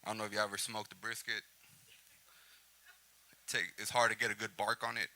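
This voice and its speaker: A man's voice: on the low side, flat delivery, brisk, creaky, bright, forceful tone. A man doing a stand-up set in a comedy club, chatting with the crowd between one-liners. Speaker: stand-up comic.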